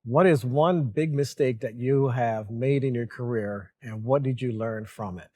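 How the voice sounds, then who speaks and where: Middle-aged man, mid-pitched voice, wry and self-deprecating company president in casual talk. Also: measured pace, darkish tone. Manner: dry humor, laughs at himself. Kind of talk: casual on-camera chat.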